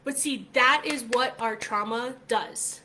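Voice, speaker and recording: A chatty middle-aged woman tells a story straight to her viewers, scattering "like" through her sentences. Her voice sits a little high. A faint hiss runs under her talk. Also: slow pace. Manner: chatty, animated, many "like" fillers. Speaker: vlog host. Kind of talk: casual storytelling vlog.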